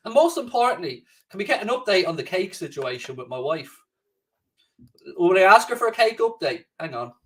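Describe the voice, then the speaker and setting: With a high, sing-song voice and a slightly fast delivery, a man runs a laid-back live stream from home, cursing freely and reading viewers' comments aloud. The mic sits some distance away.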